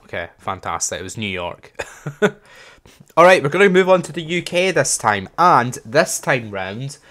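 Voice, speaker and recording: A man's voice: medium pitch, very animated, moderate pace, fairly bright tone. A young man hosting a gaming channel, thinking aloud in casual, chatty gameplay commentary and joking at his own expense.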